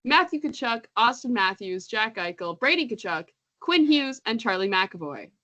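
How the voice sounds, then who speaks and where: A woman's voice: fairly high pitch, big pitch swings, normal speed, pushed and bright. A woman co-hosting a casual podcast, chatty and laughing often, stumbling over names as she reads them out. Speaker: podcast co-host. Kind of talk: casual chat.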